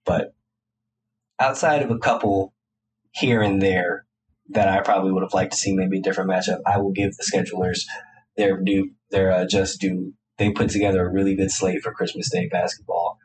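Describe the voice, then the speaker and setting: A low-pitched man with a stuffy, nasal voice chats his way through a solo sports podcast. His delivery is casual and opinionated, and he rambles from point to point. A constant hum sits clearly under his voice. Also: little pitch movement, normal speed. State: congested, nasal. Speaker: podcast host.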